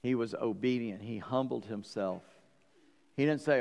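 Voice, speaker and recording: A middle-aged man preaching a sermon, telling stories with joking asides and swinging between loud and quiet. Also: mid-range voice, unhurried, vocal fry, lo-fi sound. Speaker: pastor. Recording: long hall reverb.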